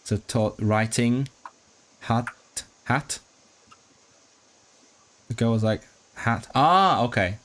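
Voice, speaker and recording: A man's voice: mid-range voice, fairly bright tone. A man streaming a study session, thinking aloud as he works out what is being signed, often restarting words and asking himself questions. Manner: halting, restarting words while working out signed content; puzzled self-questioning asides. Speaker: language-learning streamer.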